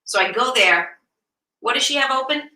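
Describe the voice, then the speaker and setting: A woman co-hosting a casual live show, telling flustered stories in animated chatter. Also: high-pitched, normal speed. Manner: animated, easily flustered storyteller. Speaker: co-host. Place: wine cellar. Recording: echoey room, distant mic.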